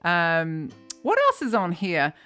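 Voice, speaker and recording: A woman's voice: fairly low pitch, slow. New Zealand woman hosting a music show. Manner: chatty, relaxed, with many ums and uhs. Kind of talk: casual livestream chat between songs. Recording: faint guitar music behind.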